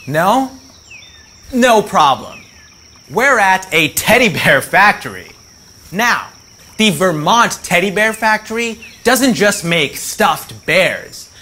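Hosting a preschool educational show, this man speaks straight to young viewers and acts out animals in an upbeat, playful way. His voice sits high and sounds sharp, expressive, and slow-paced, with music playing behind him.

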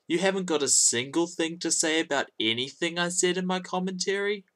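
A man's voice: sits high, brisk, sharp tone. A man commenting on another creator's video with mocking sarcasm and frequent swearing. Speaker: YouTube commentator.

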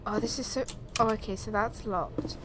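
A woman's voice: mid-range voice, normal speed. A young woman commenting on a horror game, talking to herself with jumpy, frightened exclamations into a desk microphone at home. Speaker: gaming YouTuber. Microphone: desk USB microphone. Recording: steady background noise.

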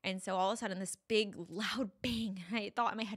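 A woman's voice: medium pitch, steady tone, fast, breathy edge. A young woman, a podcast guest, retelling a frightening personal story in a breathless, vivid way full of "like"s.

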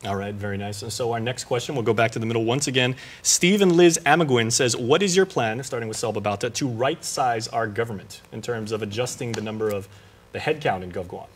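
Host, male, Guam accent, quick upbeat moderator. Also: medium pitch, breathy edge. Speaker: TV talk show host. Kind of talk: hosting a political talk show.

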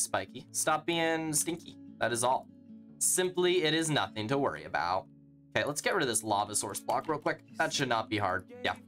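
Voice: mid-range voice, fairly bright tone. A streamer giving live gameplay commentary, reading chat aloud and answering it in a playful, teasing, sarcastic way.

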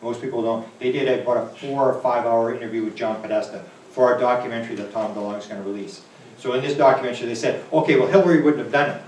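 A man's voice: mid-range voice, fairly even intonation, fast talker, a little mellow. Man, lecturer, rambling storyteller, roomy echo, distant mic, faint hum. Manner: rambling storytelling with quoted dialogue. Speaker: UFO researcher and lecturer. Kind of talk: conference Q&A answer. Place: lecture hall.

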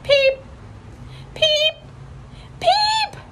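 A woman reading aloud, voicing a giggly little girl with a squeaky, sing-song voice. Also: expressive, extremely slow, very noisy, exaggerated voice.

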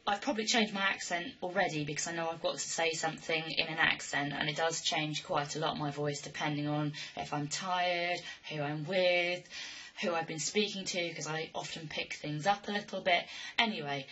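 A woman's voice: deep voice, steady tone, moderate pace, sharp tone, husky. Dry-humored woman vlogging. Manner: chatty, dry and self-mocking. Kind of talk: casual vlog, reading a word list. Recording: dull lo-fi webcam audio.

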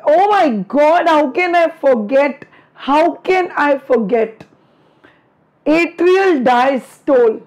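Indian woman teacher, middle-aged, high and slow, teasing and affectionate, slightly worn throat. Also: a little mellow. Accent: Indian English. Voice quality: strained throat from many lectures. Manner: chatty, affectionate, teasing with students. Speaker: online biology teacher. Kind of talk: live online class, greeting students.

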